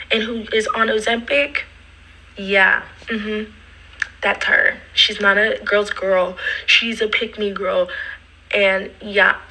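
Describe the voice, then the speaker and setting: A woman's voice: medium pitch, creaky, a little hiss or hum, rough recording. A young woman casually retelling a personal story, acting out the quotes and dropping into whispered asides. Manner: animated, acts out quotes, drops to whispered asides.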